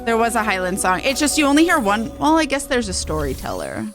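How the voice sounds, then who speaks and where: A woman's voice: on the high side, big pitch swings, brisk, over music. A woman streaming a game, chatting casually in a rambling, self-correcting way and laughing easily. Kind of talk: casual gameplay chat.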